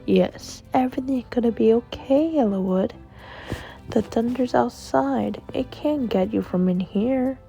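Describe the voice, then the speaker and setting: A woman's voice: on the high side, unhurried, creaky, warm tone, faint music behind, voice pushed up. A woman doing a tender comforting mother. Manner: comforting, sweet. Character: tender loving mother of a small boy.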